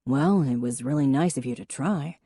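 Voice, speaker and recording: A woman voicing a calm, kind man who speaks low and easygoing. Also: normal speed, breathy edge, no echo, exaggerated voice.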